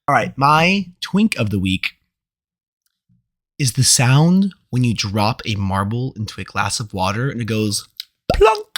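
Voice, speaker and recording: A man's voice: medium pitch, expressive, unhurried, fairly bright tone. A young man co-hosting a comedy podcast, laughing often as he chats. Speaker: podcast co-host. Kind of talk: casual comedic chat.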